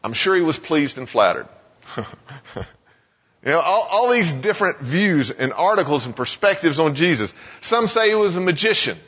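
Male pastor, conversational sermon, lively pitch, slightly high voice, reverberant hall. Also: moderate pace, husky. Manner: animated, conversational, frequent "you know" fillers, puts on quoted voices. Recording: muffled sound with long hall reverb.

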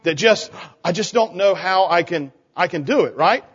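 Lively man leading a children's sermon. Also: sits high, normal speed, husky. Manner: animated, coaxing questions to children. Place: church sanctuary. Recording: church hall reverb, dull lo-fi sound.

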